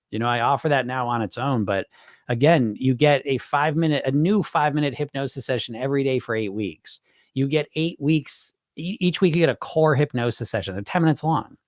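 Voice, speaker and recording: A candid, conversational man hosting a live chat and answering viewers, with a voice pitched right in the middle for a man. He swears freely and circles back over his own phrases as he talks. The sound is dry, with no room echo. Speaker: weight-loss hypnosis coach hosting a live Q&A.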